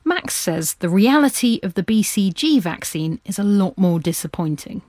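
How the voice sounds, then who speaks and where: A woman hosting and narrating a podcast, reading her script in a clear, composed way. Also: mid-range voice, animated, normal speed, a little mellow, no room sound, clean studio sound.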